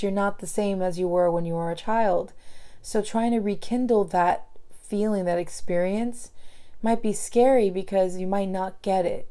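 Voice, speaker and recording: Slow, emotional woman reading tarot cards. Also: medium pitch, warm tone. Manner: emotional, thinking aloud with many pauses and fillers. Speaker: tarot card reader. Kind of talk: pick-a-card tarot reading.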